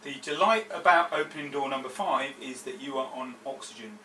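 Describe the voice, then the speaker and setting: A man's voice: mid-range voice, fairly quick, pushed and bright. Man running a tabletop game. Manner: loose, chatty descriptions with fillers. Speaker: game master. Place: around a gaming table indoors. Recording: roomy, distant table recording with background noise.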